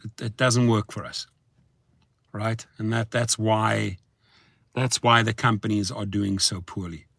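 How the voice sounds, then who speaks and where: Male vlogger, gravelly, chanting and rambling, hushed to whooping, dry close sound. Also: on the low side, a little slow, long pauses, no room sound. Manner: sing-song chanting, swings from hushed murmurs to excited whoops. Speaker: rideshare driver vlogger. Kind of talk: excited rambling monologue to viewers.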